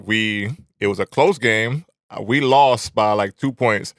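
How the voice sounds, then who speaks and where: A young adult man hosting a podcast, telling stories in a relaxed, profane way full of slang. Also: on the low side, a little slow, no room sound, studio quality. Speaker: podcast host. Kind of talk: casual chat.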